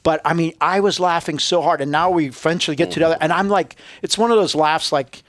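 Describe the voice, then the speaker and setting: A man's voice: a little high, quick pace, fairly bright tone, no room sound. A man telling profane war stories in casual chat, laughing often and acting out what others said. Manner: profane, laughing, acts out quoted voices. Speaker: podcast guest.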